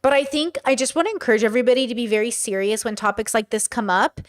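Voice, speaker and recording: High-voiced woman in blunt casual commentary. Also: fast talker. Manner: chatty, blunt, swears freely. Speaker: podcast host reacting to a clip. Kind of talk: casual commentary, reading chat.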